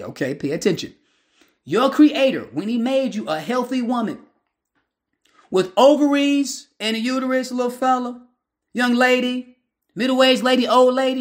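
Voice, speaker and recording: A man preaching a street-style sermon, emphatic and slangy, filling his lines with repeated interjections. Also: high-pitched. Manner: emphatic, repetitive filler phrases, slangy.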